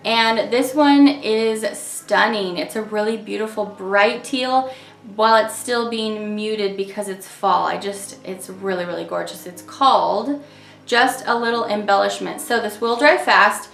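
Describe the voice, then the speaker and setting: A woman's voice: mid-range voice, a little slow, gravelly, fairly bright tone, echoey room. A woman talking casually and enthusiastically as she reviews nail polish shades, with chatty fillers.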